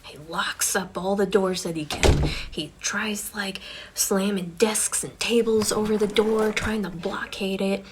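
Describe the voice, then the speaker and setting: A woman telling a spooky campfire ghost story in a hushed, mostly whispered voice. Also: medium pitch, steady tone, a little slow, noisy background.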